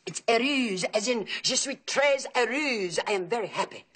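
An actress playing a chatty aunt in a sitcom, fussy about pronunciation. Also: female voice, on the high side, expressive, normal speed, fairly bright tone, slightly rough. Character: gossipy talkative Southern aunt, middle-aged. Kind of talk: sitcom acting. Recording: noisy old TV audio.

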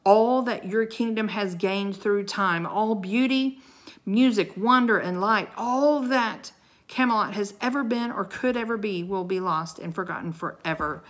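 A woman voicing a mocking armored male knight who booms his commands. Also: a little slow, close to an everyday voice. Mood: booming. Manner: booming, commanding.

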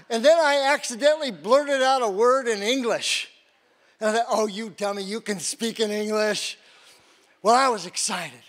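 An older man with a high voice preaches by telling his own story. He acts out the other people's lines and laughs along as he goes. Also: fairly bright tone. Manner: storytelling with acted-out quotes and laughs. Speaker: guest preacher. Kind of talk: sermon with personal testimony.

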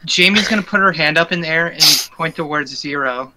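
A man's voice: a little high, brisk, bright, forceful tone, rough recording. A young man playing a tabletop game, teasing and joking with the table. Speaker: player.

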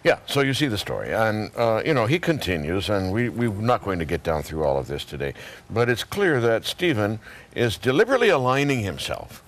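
A man's voice: lowish voice, fairly quick, few pauses. A man explaining scripture on a Bible study panel, acting out quotes as he talks. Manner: lively explaining, acts out quotes.

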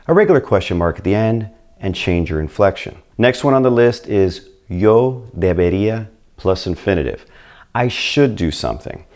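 A Spanish teacher, a native English speaker, gives an upbeat video lesson for beginners, addressing the learner directly. His voice is on the low side with a darkish tone.

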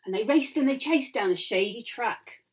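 A woman reading a rhyming picture book to children, with soft asides. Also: a little high, animated, moderate pace.

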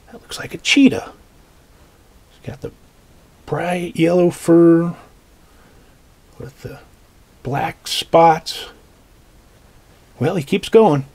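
A man reading a picture book aloud to children, gently explaining the pictures as he goes. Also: on the high side, slow pace, long pauses. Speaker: storytime reader.

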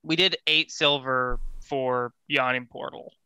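A man's voice: medium pitch, fairly even intonation, unhurried, pushed and bright, clean tone, no room sound. A young man playing a tabletop game, casual and chatty. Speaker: player.

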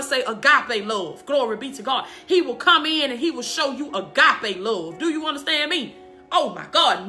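Lady preaching live from her kitchen, high sparkly voice, keeps laughing and shouting praise. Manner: fervent, repeats praise calls and "do you understand me"; laughs often while preaching. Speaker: life coach and live-stream preacher. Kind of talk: casual live-stream preaching. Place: home kitchen.

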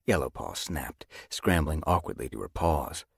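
A man narrating a children's animal novel as an audiobook, with expressive storytelling. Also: very deep voice, moderate pace, gravelly, few pauses, breathy edge, no echo, studio quality. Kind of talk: scripted narration.

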